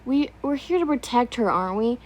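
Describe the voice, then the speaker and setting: A woman voicing a gentle, protective young man who speaks softly and earnestly. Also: on the high side, animated, a little fast.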